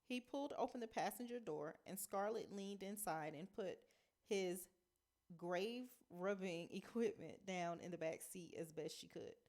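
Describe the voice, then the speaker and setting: A woman teacher reading a novel aloud in a measured storytelling manner. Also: lowish voice, darkish tone.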